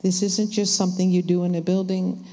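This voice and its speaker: A woman slowly and reflectively sharing her faith testimony. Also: fairly low pitch, little pitch movement, dark tone. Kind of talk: church testimony talk. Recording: hall reverb.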